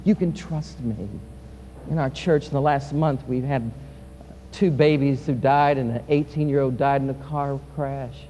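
A male pastor preaching a sermon, swinging from loud, impassioned peaks to quiet, soft passages. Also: medium pitch, steady tone, moderate pace. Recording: reverberant hall with faint hum.

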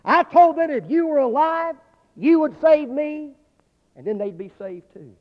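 A trusting little boy trapped under rubble, as a preacher puts him on, calling up in a high, strained, loud voice. The sound is dull and lo-fi, with a long reverb from a big hall. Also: expressive, unhurried. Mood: hopeful.

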